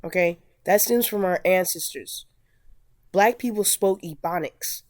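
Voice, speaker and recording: A woman's voice: fairly low pitch, measured pace, a little mellow, no room sound, clean studio sound. An American woman ranting bluntly and emphatically in a vlog, with frequent swearing. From United States. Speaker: vlogger. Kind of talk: rant.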